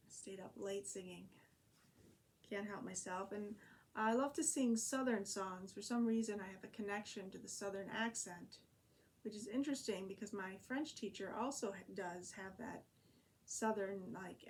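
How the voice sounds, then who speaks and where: A woman's voice: medium pitch, fairly even intonation, moderate pace, slight background noise. A woman talking casually in a diary-style vlog, rambling and chatty with frequent fillers and restarts. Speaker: vlogger and online French teacher.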